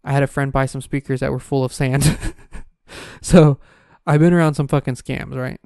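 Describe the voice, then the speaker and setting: A man in his twenties telling a story in a casual, profane, animated rant. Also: medium pitch, moderate pace, vocal fry, no echo, studio quality. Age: 20s.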